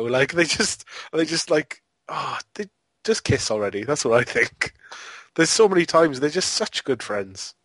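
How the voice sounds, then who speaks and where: A man's voice: fairly high pitch, animated, normal speed, a bit bright, no room sound. A man co-hosting a podcast, rambling through a film review in a casual, amused way and often breaking into laughter. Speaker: podcast co-host.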